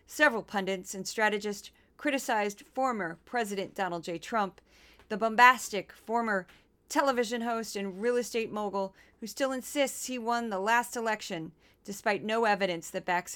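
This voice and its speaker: A woman podcast host from Missouri with a smooth, clean voice at a middling pitch. She chats casually with playful asides, then moves into scripted narration. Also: fairly bright tone. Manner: chatty, quick asides, playful impressions.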